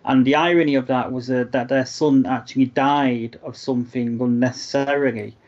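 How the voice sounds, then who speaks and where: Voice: mid-range voice, fairly even intonation, normal speed, darkish tone, muffled recording. A co-host in a casual fan discussion who speaks hesitantly with many fillers and a wry edge. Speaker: podcast co-host.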